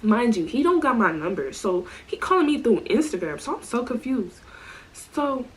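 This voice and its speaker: A woman telling a storytime vlog in a casual, animated way, full of slang and asides. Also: on the high side, normal speed, poor audio. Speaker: storytime vlogger.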